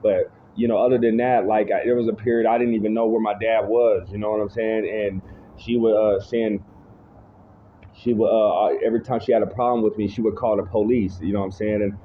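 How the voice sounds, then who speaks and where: A man's voice: fairly low pitch, level tone, fairly quick. A man casually telling his own life testimony, rambling, restarting his sentences and often saying "you know what I'm saying". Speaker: speaker giving personal testimony. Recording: tinny phone-like audio with faint noise.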